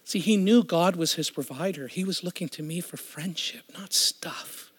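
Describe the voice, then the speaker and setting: A man's voice: high-pitched, fairly quick, breathy edge. Preaching man in an echoey hall. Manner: emphatic, swings from loud to hushed. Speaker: preacher and worship musician. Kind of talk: storytelling sermon.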